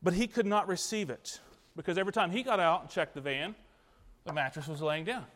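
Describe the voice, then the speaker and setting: High-voiced preacher in a reverberant church. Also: male voice, fairly quick, fairly bright tone. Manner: asks the congregation questions, earnest. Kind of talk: interactive sermon. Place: church sanctuary.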